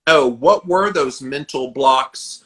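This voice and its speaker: A man's voice: mid-range voice, slow, a bit bright. A man hosting a podcast, drawing out his guest with engaged questions. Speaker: podcast host. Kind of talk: casual interview chat.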